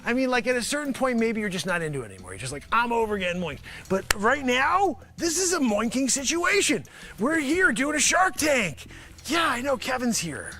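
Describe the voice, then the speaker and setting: A man hosting his own show, rambling through a sarcastic, excitable comic sales pitch. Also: a little fast. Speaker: host. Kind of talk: comedic improvised pitch.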